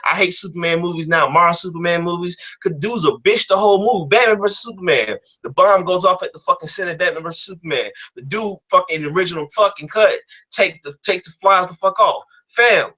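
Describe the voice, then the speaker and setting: A man's voice: high voice, a little fast, hardly any pauses, sharp tone. A man ranting in casual talk, angry and profane, often repeating himself as he argues. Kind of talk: heated casual rant.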